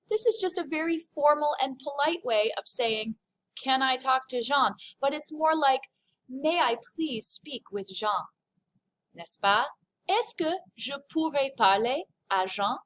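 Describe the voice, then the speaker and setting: French teacher lady, high voice, talks to "class", drags out the french words. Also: a bit bright. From lived in France. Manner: slows down to savor French words, addresses the class. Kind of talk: classroom language lesson.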